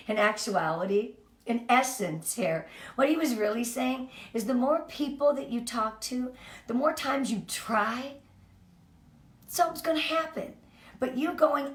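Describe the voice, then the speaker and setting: A woman's voice: on the high side, lively intonation, unhurried. A woman leading a sales team, giving an upbeat, chatty motivational training talk. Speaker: direct sales team leader. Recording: roomy, from a distance.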